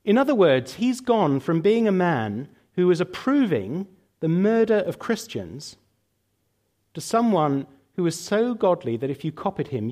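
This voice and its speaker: A man with a fairly high, somewhat dark voice preaches a sermon and leads a prayer, speaking emphatically and building momentum through lists. Later he answers questions, using some fillers.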